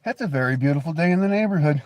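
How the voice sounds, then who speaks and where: A man's voice: on the high side, expressive, racing, darkish tone, a little hiss or hum. A man with an American accent hosting a livestream, teasing and crude in casual banter. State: coughing. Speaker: livestream host.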